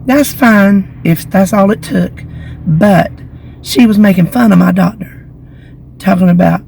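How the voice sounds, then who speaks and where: A slightly hoarse woman, chatting to her phone camera outdoors in the shade and telling gossipy stories. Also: medium pitch, measured pace, darkish tone, a little hiss or hum, rough recording. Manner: chatty, gossipy storytelling with giggles. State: slightly hoarse from lingering illness. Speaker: vlogger. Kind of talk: casual chat to camera. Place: outdoors in the shade beside a building.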